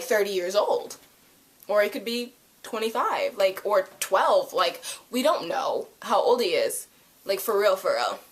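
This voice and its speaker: A young woman reviewing a TV episode in a casual, rambling chat to camera, full of "like" and quick asides. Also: mid-range voice. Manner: rambling, animated, lots of "like".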